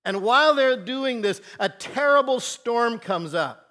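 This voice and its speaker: A man preaching a sermon as pastor, telling a Bible story earnestly and shifting between soft and loud emphasis. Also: extremely high pitch, expressive, unhurried.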